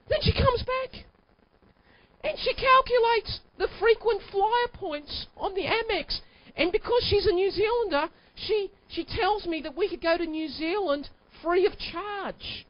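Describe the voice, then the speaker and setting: A man in his forties giving an animated, emphatic keynote talk, telling a personal story and at times breaking into shouts. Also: extremely high pitch, moderate pace. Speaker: keynote sales speaker. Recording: dull lo-fi recording.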